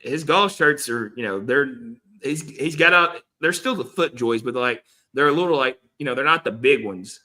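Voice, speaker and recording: A man's voice: medium pitch, expressive, normal speed, few pauses, bright, forceful tone. A man, joking around in casual podcast banter. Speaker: podcast co-host. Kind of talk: casual chat.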